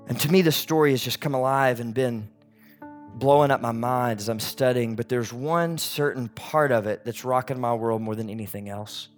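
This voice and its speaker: A man preaching a sermon as a pastor, in an animated, conversational way. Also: mid-range voice, moderate pace, soft background music.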